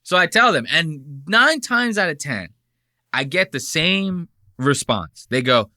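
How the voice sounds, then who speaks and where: A man's voice: fairly high pitch, big pitch swings, a little slow, pushed and bright, no echo, clean studio sound. An American man in his thirties hosting a podcast, ranting in casual commentary full of profanity. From United States. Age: 30s. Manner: profane, heated, rambling. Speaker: podcast host.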